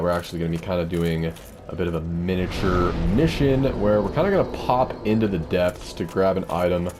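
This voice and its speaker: A man's voice: deep voice, a little mellow, a little hiss or hum. A man giving casual, rambling commentary over a video game, drifting off topic and swearing now and then. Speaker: let's play commentator.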